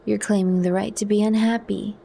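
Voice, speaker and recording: A woman voicing a calm, powerful male controller with a dry, measured manner in a whispered role-play. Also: high voice, vocal fry. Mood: cool.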